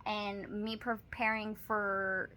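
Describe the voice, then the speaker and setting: A woman's voice: medium pitch, little pitch movement, takes it slowly, pushed and bright. Chatty young Texan woman vlogger. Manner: chatty, storytelling, says "like" often. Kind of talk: casual haul chat to camera. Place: apartment, indoors.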